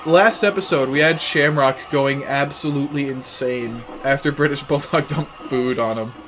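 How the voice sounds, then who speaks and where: A man's voice: mid-range voice, normal speed. A man co-hosting a podcast, laid-back and self-deprecating, laughing often as he chats while watching. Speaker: podcast co-host. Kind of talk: casual watch-along chat.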